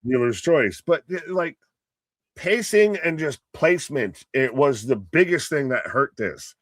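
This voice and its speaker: A man's voice: on the high side, expressive, unhurried, no room sound. An American man co-hosting a live wrestling reaction stream, talking casually with jokes, loose comparisons and plenty of swearing. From United States. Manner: joking, profane, loose analogies. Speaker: co-host.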